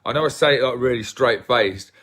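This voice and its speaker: A husky, fairly bright mid-range voice belongs to a brisk English livestream host from England with an English accent. He rambles casually with viewers in a self-deprecating way.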